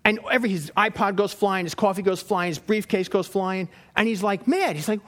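A man giving a sermon in a lively, storytelling way, asking the same questions again and again. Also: sits high, brisk. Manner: animated storytelling with repeated questions. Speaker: lay preacher.

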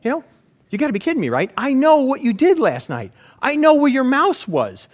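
A man puts on an indignant man who cannot believe what he hears. The voice sits high and leaps around. He repeats his questions over and over in disbelief. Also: wildly swooping pitch, fairly quick, heavily acted. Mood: incredulous. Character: incredulous man, indignant and defensive.

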